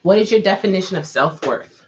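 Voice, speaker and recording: A woman's voice: medium pitch, expressive, fairly quick, darkish tone, dull audio. A woman hosting a casual livestream, chatting with viewers and coaxing them to answer her questions. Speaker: livestream host.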